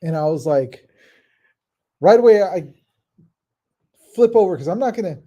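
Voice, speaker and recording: A man's voice: high-pitched, lively intonation, a little slow, dark tone, highs cut off. A man hosting a podcast in casual, chatty talk that wanders off topic. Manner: laughing, chatty, rambling. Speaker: podcast host. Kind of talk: casual chat.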